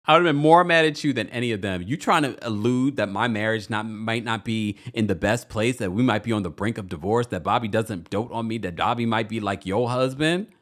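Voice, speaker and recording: A man hosting a chatty reality TV recap, sassy and animated, talking straight to his viewers and acting out what people said. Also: lowish voice, brisk, hardly any pauses. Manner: animated and sassy, acts out quotes in shifting voices; chatty, addresses viewers directly. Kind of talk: casual recap commentary.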